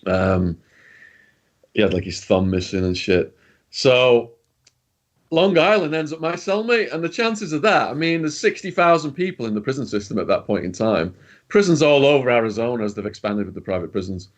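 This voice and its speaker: A British man with a medium-pitched, animated voice tells stories as an interview guest at a moderate pace. His manner is blunt and chatty, full of slang with an occasional swear word.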